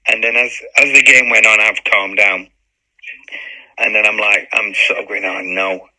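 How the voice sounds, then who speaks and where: Forceful, animated male storyteller. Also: on the low side, normal speed, low-quality recording. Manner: lively storyteller who acts out quotes and swears freely. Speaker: former footballer and interview guest. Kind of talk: anecdote-telling interview chat.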